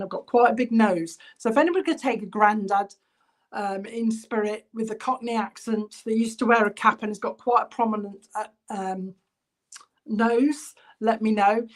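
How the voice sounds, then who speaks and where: Woman medium, higher-pitched, halting and chatty, many ums, reassuring as she names viewers during an online clairvoyance reading. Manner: halting, relays spirit messages with many ums. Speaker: spiritualist medium.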